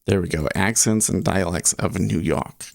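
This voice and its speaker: A man's voice: low-pitched, moderate pace, vocal fry, dry recording, studio quality. A man hosting a casual livestream, rambling and cutting himself off as he talks. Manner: rambling, self-interrupting. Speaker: livestream host.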